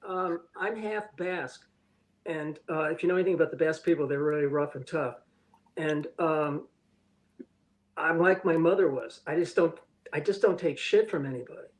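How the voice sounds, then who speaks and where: Slightly high and at normal speed, the voice belongs to an older man, captured on a rough recording. An animation director in an interview, he tells candid stories bluntly and profanely, dramatizing quoted dialogue.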